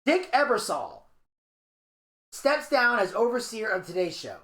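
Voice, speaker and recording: A man co-hosting a podcast, reading a narration aloud and retelling scenes in a crude, animated way. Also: high-pitched, measured pace. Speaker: podcast co-host. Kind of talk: casual podcast chat, reading a documentary narration. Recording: echoey room.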